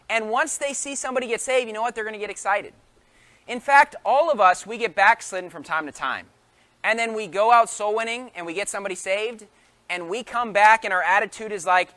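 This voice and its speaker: A male preacher delivers a sermon with a high-pitched voice. He talks emphatically and keeps asking his listeners rhetorical questions. His tone is bright and forceful. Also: fairly quick.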